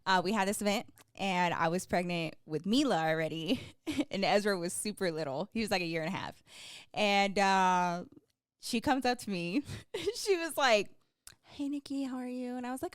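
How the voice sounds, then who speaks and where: Young woman, podcast co-host, casual chat, animated storytelling, slightly high, dry sound. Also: moderate pace, dry recording. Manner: animated storyteller, acts out quotes, laughs often.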